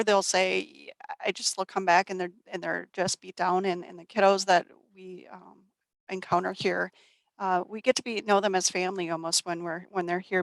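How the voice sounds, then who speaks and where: Woman, gravelly voice, dry close sound, halting delivery with many fillers, community presentation. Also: medium pitch, dry recording, rough recording. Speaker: nonprofit shelter staff.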